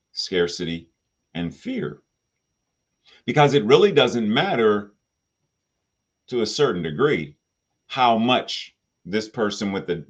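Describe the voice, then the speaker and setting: A man's voice: medium pitch, highs cut off. A man, the spiritual director of a spiritual center, delivering a sermon with rhetorical questions and playful asides.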